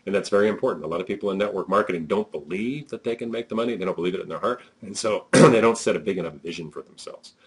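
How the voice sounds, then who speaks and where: A man's voice: low voice, rapid-fire, hardly any pauses, breathy edge. A man giving a conversational, emphatic motivational talk as a network marketing trainer, with frequent fillers.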